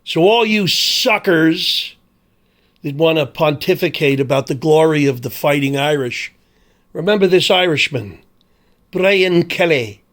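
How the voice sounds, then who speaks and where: A man's voice: on the high side, fairly bright tone. A man delivering an angry, sarcastic, profane sports commentary rant.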